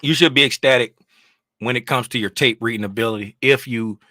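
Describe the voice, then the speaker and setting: A man hosting a casual trading livestream from his home desk, rambling and animated, getting loud when he is fired up. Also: mid-range voice, a little fast, dry recording, studio quality.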